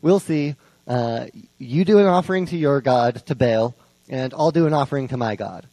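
A man's voice: medium pitch, moderate pace, mellow, no room sound, voice pushed down, natural voice, poor audio. A man voicing a blunt, confrontational male prophet in his own voice, with plain modern phrasing and stumbling restarts. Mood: challenging.

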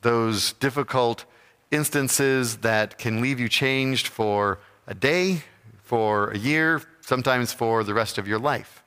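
Man giving a slow thoughtful sermon, bright voice, big hall echo. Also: medium pitch, smooth. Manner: slow, reflective, with pauses.

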